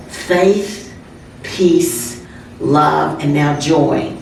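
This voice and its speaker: Woman, slow meditative guiding, gravelly, echoey sanctuary from a distant mic. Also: low-pitched. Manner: slow, gentle prompting. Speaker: service leader. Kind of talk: guided opening meditation. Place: church sanctuary. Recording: echoey hall, distant mic, faint hum.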